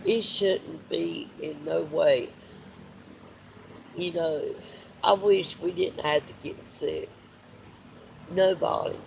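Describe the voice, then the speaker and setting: A man's voice: on the high side, vocal fry, a little mellow, slight background noise, poor audio. A man, crying as he talks heartfelt and repetitive to viewers on a live stream. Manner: tearful, heartfelt, repeats himself. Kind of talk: emotional live stream talk.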